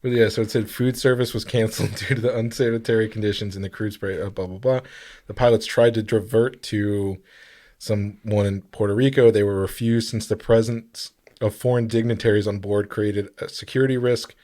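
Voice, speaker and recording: Rambling low-voiced man, casual podcast chat. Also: fairly even intonation, warm tone. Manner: rambling, halting, with frequent fillers and laughs. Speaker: podcast co-host. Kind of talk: casual chat, reading out a story.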